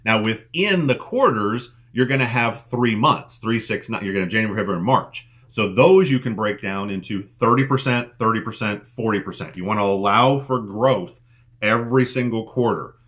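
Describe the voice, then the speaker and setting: A man's voice: fairly low pitch, moderate pace, fairly bright tone. Emphatic man coaching on a call. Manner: emphatic, repeats key lines for effect. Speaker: sales coach on a team call. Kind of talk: motivational teaching talk.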